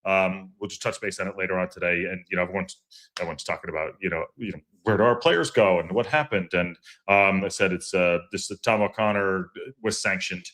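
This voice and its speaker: Rambling low-voiced man hosting a live stream. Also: fairly quick, a bit bright. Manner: rambling, repeats himself with many fillers; greets chat viewers by name. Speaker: fan podcast host. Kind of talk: casual livestream chat.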